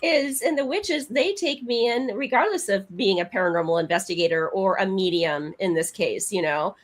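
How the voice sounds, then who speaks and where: A woman's voice: medium pitch, animated, moderate pace. A woman who works as a psychic medium, speaking earnestly in casual podcast chat, full of fillers. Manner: chatty, filler-heavy, earnest. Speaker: psychic medium and paranormal investigator.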